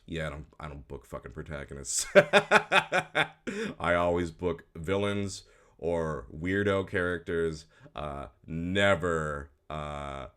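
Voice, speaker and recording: A man's voice: extremely low pitch, unhurried, fairly bright tone, smooth. A man who works as a voice actor, reacting casually to an old video of himself. He rambles frankly with lots of fillers, restarts and dry, self-mocking remarks. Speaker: voice actor and host.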